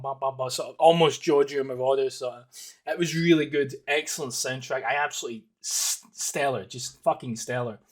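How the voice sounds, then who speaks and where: A Scottish man in his thirties hosting a casual solo podcast. He rambles and swears, with plenty of ums and restarts. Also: mid-range voice. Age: 30s. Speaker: podcast host.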